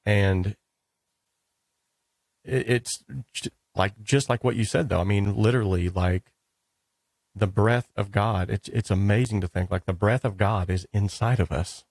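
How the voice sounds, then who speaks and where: A man hosting an interview, chatting casually and telling stories in an animated way, often saying "dude" and "like". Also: lowish voice, unhurried, long pauses, no echo. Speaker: podcast host.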